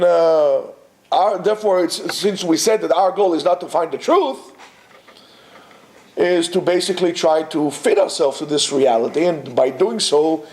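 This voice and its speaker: A man teaching a Torah class to students, animated and full of rhetorical questions and restarts. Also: high voice, vocal fry, echoey room. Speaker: yeshiva teacher.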